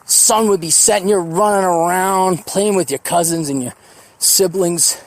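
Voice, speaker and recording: A man in his forties hosting a solo podcast, rambling in a profane, reflective way. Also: high-pitched. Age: 40s. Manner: rambling, profane, reflective, mocks others in quick put-on voices. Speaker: podcast host.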